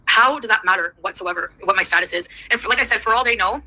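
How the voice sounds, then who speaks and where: Indignant fast-talking Canadian woman. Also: mid-range voice, sharp tone, slightly rough, poor audio. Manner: indignant, defensive. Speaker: livestreamer. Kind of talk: livestream rant.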